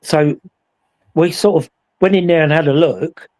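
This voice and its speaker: A man recounting a ghost investigation in casual chat, acting out the voices in his story with animated energy. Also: a little high, a little slow. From England. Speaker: paranormal investigator.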